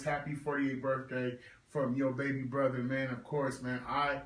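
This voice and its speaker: A man in his thirties talking casually on a livestream tribute to his late brother, halting and heartfelt, with many fillers. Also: medium pitch, level tone, fairly bright tone, reverberant, far from the mic, low-quality recording. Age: 30s. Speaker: livestream host.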